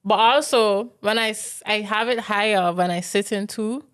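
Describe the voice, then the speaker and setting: A woman's voice: medium pitch, moderate pace, fairly bright tone, clean tone. A woman co-hosting a podcast in casual chat, telling stories in an easygoing way with loose, informal grammar. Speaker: podcast co-host.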